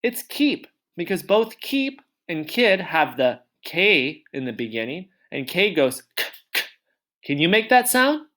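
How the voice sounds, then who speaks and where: A male teacher giving a children's reading lesson, sounding out letters slowly and with exaggeration, and praising often. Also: a little high, very animated, a bit bright.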